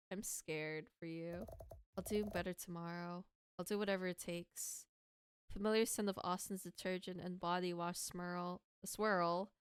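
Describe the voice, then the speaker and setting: A woman's voice: medium pitch, clear, resonant tone, dry recording, clean studio sound. A young woman streaming a horror game, reading story text aloud and breaking into pleading, dramatic outbursts at the characters. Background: faint background music.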